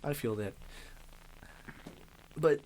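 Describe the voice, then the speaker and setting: A man's voice: fairly high pitch, drawn-out words, a little hiss or hum, poor audio. A man co-hosting a podcast, chatting casually about shows he rewatches, laughing and swearing often. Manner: animated, laughing, quoting movie lines, swears. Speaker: podcast co-host. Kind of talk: casual chat.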